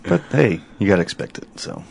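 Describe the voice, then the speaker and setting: A man with a very low voice chats casually and tells a long, rambling story. His humor is crude and his delivery is loose. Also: very animated, brisk, gravelly, darkish tone, slight background noise. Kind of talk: casual chat.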